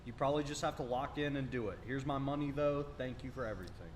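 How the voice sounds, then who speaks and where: A man reading out viewer donation messages in a flat, matter-of-fact way. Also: medium pitch, quick pace, a little hiss or hum. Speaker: donation reader.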